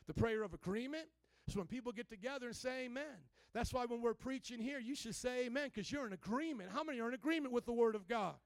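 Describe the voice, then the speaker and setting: A man preaching a sermon as pastor, asking the congregation questions and rising to near-shouts. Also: very high voice, quick pace, no echo.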